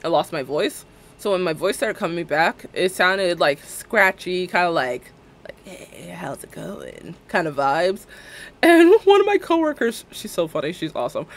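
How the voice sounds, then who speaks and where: A woman live-streams a game, rambling casually and laughing often as she chats. Her voice is on the low side, sing-song, and moderately paced.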